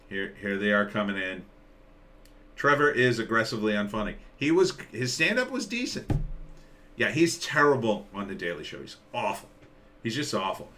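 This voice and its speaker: A male streamer talks through pictures in loose, sarcastic commentary and stops now and then to answer chat. His voice sits at an ordinary middle pitch, with a bright, forward edge to the tone. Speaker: live stream host. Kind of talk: casual commentary on a live stream.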